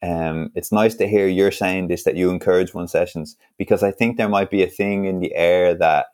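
Low-voiced podcast host. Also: male voice, fairly even intonation, normal speed, hardly any pauses, darkish tone, no echo, studio quality. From Ireland. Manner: supportive, thoughtful with hesitations. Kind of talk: casual interview.

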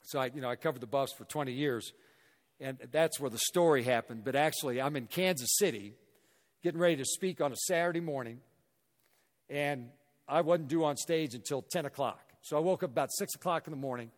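A middle-aged man from Missouri giving a motivational talk to a hall audience, telling an animated story and acting out the dialogue. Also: mid-range voice, a little fast. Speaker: guest speaker. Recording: echoey hall reverb.

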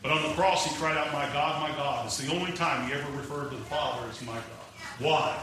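A man's voice: a little high, quick pace, slight background noise. Impassioned preacher man, echoey hall. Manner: impassioned preaching, rising to shouts. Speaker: pastor. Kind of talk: sermon. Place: church sanctuary. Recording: echoey church hall from far off.

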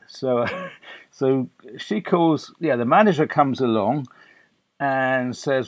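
A man's voice: medium pitch, unhurried, a little mellow, dry recording. An older man from England recounting a story in a chatty, anecdotal way, with fillers and restarts. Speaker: guest. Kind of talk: conversational storytelling.

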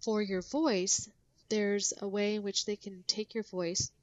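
A woman's voice: medium pitch, steady tone, a little slow, no echo. Chatty woman explaining, dry sound. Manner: explanatory, many fillers and restarts. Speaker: podcast guest. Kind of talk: casual podcast conversation.

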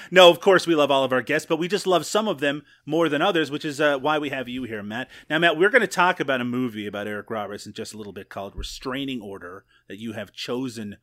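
A man's voice: medium pitch, fast talker, few pauses, a bit bright. A man hosting a podcast in casual chat, joking and playful with his co-host and guest. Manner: jokey, playful, drops to a whisper for gags.

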